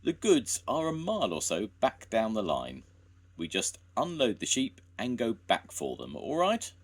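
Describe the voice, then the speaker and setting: A man's voice: fairly low pitch, wildly swooping pitch, a little slow, husky, pitched above the performer's own voice, heavily acted. A man voicing a cheerful, bossy engine driver in a storybook, with raised, hearty calls.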